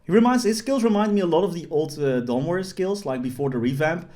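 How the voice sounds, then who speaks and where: A young man with a fairly high voice narrates his gameplay in a loose, joking voice-over. He rambles with lots of fillers and restarts, like a gaming host chatting to his viewers from his desk. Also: animated, quick pace, mellow. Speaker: gaming YouTuber. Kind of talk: casual gameplay commentary.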